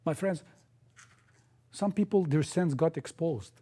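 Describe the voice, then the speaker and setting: Higher-voiced man preaching a sermon. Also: unhurried, dark tone. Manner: emphatic, repeats key phrases.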